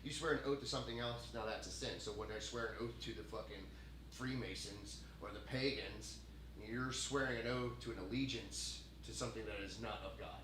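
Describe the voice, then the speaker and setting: A man hosting a podcast, talking casually in a rambling, profane, animated way. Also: on the low side, brisk. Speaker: podcast host. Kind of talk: casual chat. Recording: echoey room, mic at a distance, faint hiss.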